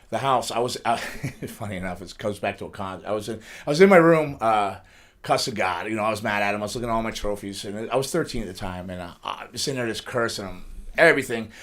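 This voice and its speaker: A man's voice: fairly low pitch, expressive, a bit bright. A middle-aged man, a pro wrestler, telling rambling life stories in a casual studio interview. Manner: fast, rambling storytelling with frequent restarts and laughs.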